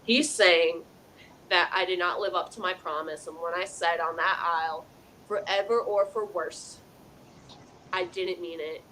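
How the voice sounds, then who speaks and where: A woman's voice: lowish voice, fairly even intonation, normal speed, bright, forceful tone, slight background noise, low-quality recording. A woman hosting a live call-in psychic show, earnestly passing on messages from the dead in first person, with a chatty "you know" style. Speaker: psychic medium host.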